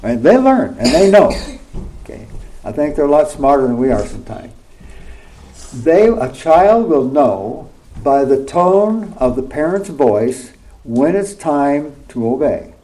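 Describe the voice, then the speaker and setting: A man's voice: a little high, very animated, a little slow, warm tone, rough recording. A middle-aged man preaching a sermon in a conversational way, often checking in with his listeners through rhetorical questions.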